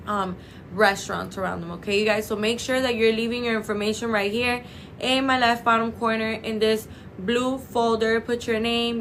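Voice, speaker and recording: A young woman hosting a clinic's live stream from its office on a phone, chatting warmly with viewers and calling them babe and girl. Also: mid-range voice, slight background noise. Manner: gushing, affectionate, calls viewers babe and girl. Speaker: clinic livestream host.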